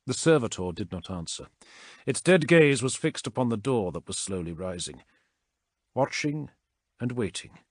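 Male narrator for an action audiobook, lively pitch, dry close sound. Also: normal speed, no echo. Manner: dramatic, expressive reading. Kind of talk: scripted narration.

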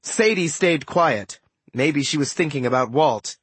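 A man giving expressive first-person audiobook narration in a close studio recording. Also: on the high side, a little slow, husky, no room sound. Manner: animated, expressive storytelling.

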